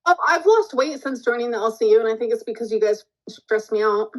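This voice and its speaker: A woman talking on a livestream in a flat, matter-of-fact, trolling way. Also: fairly high pitch, a little fast, rough recording. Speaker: streamer guest. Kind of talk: casual stream chat.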